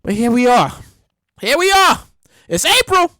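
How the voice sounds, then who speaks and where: A man hosts his own podcast in a hyper, loud solo rant, swearing freely. His voice sits high and swoops around with big leaps in pitch. It sounds bright and edgy, recorded close and dry. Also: unhurried, dry recording. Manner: loud, hyper and animated, with profanity; acts out quoted people in shouts. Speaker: podcast host.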